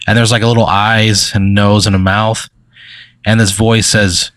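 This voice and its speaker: Male game master, low voice, loose rambling narration, dry close sound. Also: flat delivery, moderate pace, fairly bright tone, dry recording. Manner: rambling, filler-heavy storytelling.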